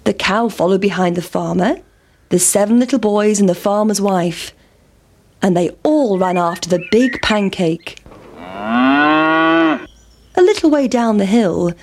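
Woman reading a children's story, slow, clear, measured, faint hiss. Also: mid-range voice, darkish tone.

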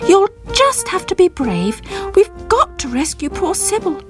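Bossy storybook toy, firm and scolding, high and lively as a woman reads it out. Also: unhurried, music in the background, exaggerated voice. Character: bossy toy urging friends to be brave.

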